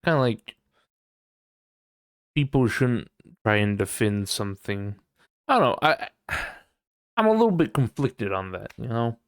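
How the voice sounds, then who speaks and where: A man hosting his own podcast in a relaxed, meandering way, leaning on "you know" and frequent laughs. His voice has a gravelly, fried texture at a middle pitch. The sound is dry and close, with little room to it. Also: unhurried, pauses often, no room sound. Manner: rambling, peppered with "you know", laughs often. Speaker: podcast host. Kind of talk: casual solo podcast chat.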